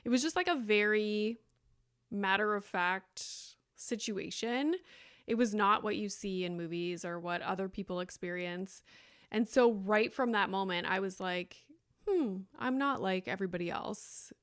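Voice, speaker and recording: A young adult woman hosting a podcast, talking candidly and chattily, with many likes and ums, sometimes mimicking others in a higher voice. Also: unhurried, clean tone, dry recording, studio quality. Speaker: podcast host. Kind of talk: casual solo podcast talk.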